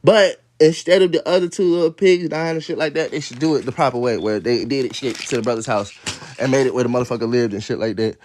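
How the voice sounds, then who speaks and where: A man's voice: mid-range voice, fast, darkish tone. Casual man, phone livestream at home, loose profane storytelling with chatter. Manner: rambling, profane, laughing asides. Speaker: livestream host reading a storybook. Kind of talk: casual livestream read-aloud with commentary. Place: at home, moving from outdoors to his room.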